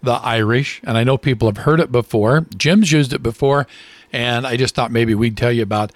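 A man's voice: mid-range voice, normal speed, no echo. A man co-hosting a radio show, chatting casually in an easygoing way. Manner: easygoing, lively storyteller. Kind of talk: casual radio chat and joke telling.

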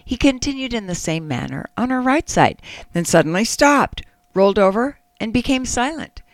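A woman's voice: on the high side, very animated, dry recording. A woman co-hosting a casual radio-style chat, adding wry quips and telling a joke. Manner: wry, quick quips, tells jokes. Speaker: co-host.

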